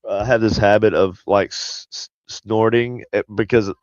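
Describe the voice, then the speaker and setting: This is a man hosting a casual stream, and his voice is low and smooth but nasal from blocked sinuses. He rambles easily and reads comments out as he goes. The recording is dry and slightly muffled, with a dull, narrow sound. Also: steady tone, normal speed, no room sound. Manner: rambling, chatty, reads viewer comments aloud. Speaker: show host. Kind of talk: casual live-stream chat.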